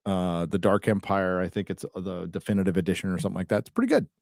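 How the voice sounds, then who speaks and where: A man's voice: sits low, little pitch movement, fast talker, gravelly, a little mellow, dry recording, studio quality. A man co-hosting a casual podcast, rambling and joking, drifting into asides. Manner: rambling, jokey, trails off into asides. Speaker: podcast co-host. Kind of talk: casual chat.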